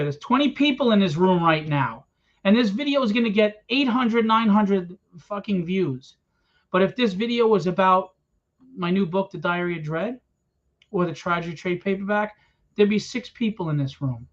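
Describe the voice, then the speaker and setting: Blunt ranting man, high voice. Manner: blunt, confrontational, swearing. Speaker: comic book publisher. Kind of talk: impassioned rant to a small crowd. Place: room at a convention event. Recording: dull lo-fi event recording.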